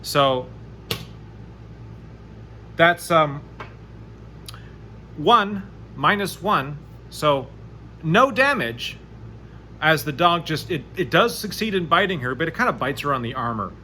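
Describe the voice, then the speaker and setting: A man narrating a solo tabletop game, chatty and animated as he rolls dice aloud. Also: a little high, slow, long pauses, slight background noise. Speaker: game master playing solo.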